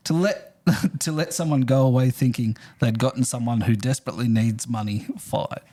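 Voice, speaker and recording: A man's voice: mid-range voice, moderate pace, warm tone. A man co-hosting a casual podcast, reading a listener's story aloud and laughing often as he goes. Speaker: podcast co-host.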